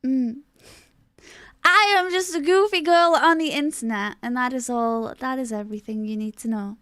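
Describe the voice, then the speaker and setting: A woman's voice: moderate pace, dry recording, studio quality. A young woman streaming live, chatting casually and greeting her viewers in a bubbly, rambling way, with casual swearing. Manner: bubbly, chatty, greets chat with high excitement.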